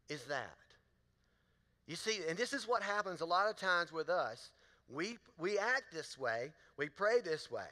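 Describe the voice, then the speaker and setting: The voice belongs to a male pastor and sits high with a sharp tone. In a large church auditorium with a long, echoing reverb, he preaches through folksy stories and poses questions to the congregation.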